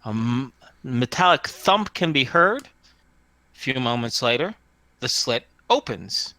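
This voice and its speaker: A man's voice: medium pitch, lively intonation, unhurried, pushed and bright, dry recording. A man narrating as game master of a tabletop role-playing game, describing scenes with many fillers and restarts.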